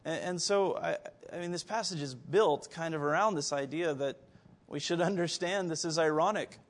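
A man delivers a sermon in a voice pitched higher than most men's. He keeps turning to his listeners with pointed rhetorical questions and sometimes stumbles and restarts his words. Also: moderate pace. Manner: animated, rhetorical questions to the congregation; occasional stammered restarts. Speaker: preacher.

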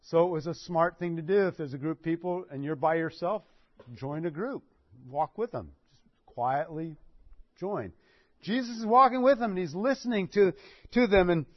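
A man's voice: sits high, dry recording. A man preaching a sermon, telling the story with animation and acting out what people said. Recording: dull dry recording.

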